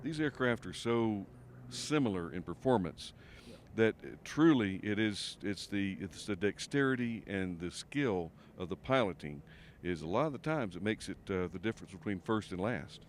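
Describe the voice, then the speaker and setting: A man's voice: fairly low pitch, expressive, normal speed, few pauses. A man hosting an aviation show, doing a casual, jokey interview outdoors at an air race, with plenty of fillers. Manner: folksy, jokey, with many fillers. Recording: faint outdoor background noise.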